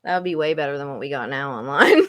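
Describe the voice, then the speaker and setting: A woman's voice: rumbling low, quick pace, a bit bright, no room sound, clean studio sound. A woman guest chatting casually and easygoing on a podcast. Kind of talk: casual chat.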